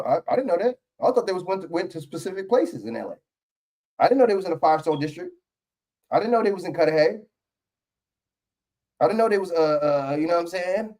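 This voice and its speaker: A man's voice: high-pitched, darkish tone. A man giving heated, profane reaction commentary on a political video clip.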